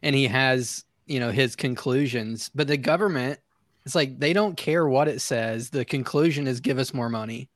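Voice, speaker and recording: A man's voice: medium pitch, moderate pace, no echo. A man in a casual political chat, talking loosely with fillers.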